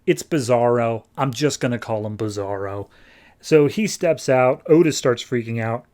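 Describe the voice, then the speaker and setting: A man's voice: mid-range voice, normal speed, a little mellow. A man hosting a podcast, recapping a comic issue in a casual, chatty, wry way. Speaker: podcast host.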